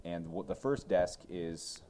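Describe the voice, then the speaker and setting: A man's voice: low voice, expressive, measured pace, very noisy. A man casually recapping a movie plot for a co-host, rambling and joking with mocking asides.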